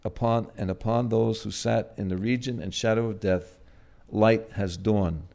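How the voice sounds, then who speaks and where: A man preaching a sermon in a gentle, halting way, pausing often and swelling loud on key words before dropping soft again. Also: on the low side, steady tone, creaky. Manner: gentle, halting, with frequent "uh" and restarts.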